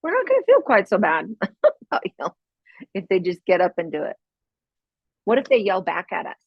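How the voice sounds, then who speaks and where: Brief: woman podcast host, casual parenting talk, slightly husky, dry close sound, a bit dull and lo-fi. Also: mid-range voice, no echo. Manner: chatty, ends points with "right?" and laughs often.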